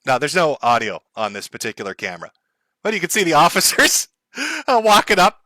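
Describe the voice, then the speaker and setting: A man's voice: fairly high pitch, big pitch swings, a little fast, bright, forceful tone, no echo, studio quality. A man hosting a live stream, commenting on clips in a mocking, profane way and laughing often. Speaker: livestream host.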